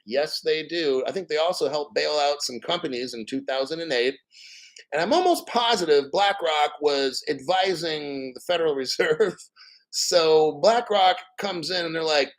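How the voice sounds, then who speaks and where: A man's voice: fairly high pitch, lively intonation, a little slow, a bit bright. Profane, rambling crypto host in his 50s. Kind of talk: casual livestream commentary.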